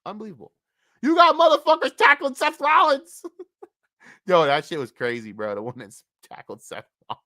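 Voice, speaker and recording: A streamer ranting on a live stream, cursing constantly, dropping to low mutters and then bursting out loud, and often repeating the same phrase several times. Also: sing-song, normal speed, long pauses, no echo, clean studio sound. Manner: profane, swings between low muttering and loud outbursts.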